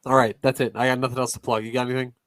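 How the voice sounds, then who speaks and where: A man's voice: mid-range voice, racing, no echo. A man in his thirties hosting a podcast, chatting casually and rambling with lots of fillers. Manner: relaxed, rambling with many fillers. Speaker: podcast host. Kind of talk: casual chat.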